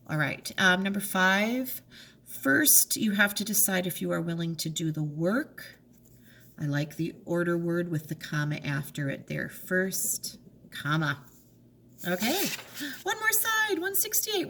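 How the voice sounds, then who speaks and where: Middle-aged teacher lady, slow patient kid's lesson, lowish voice, spells stuff out letter by letter. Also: fairly bright tone. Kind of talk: remote reading lesson for children.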